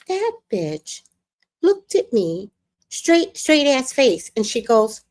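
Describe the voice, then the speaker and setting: A woman telling a storytime rant on her livestream, animated, worked up and swearing freely. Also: on the high side, slow pace. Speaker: livestream host.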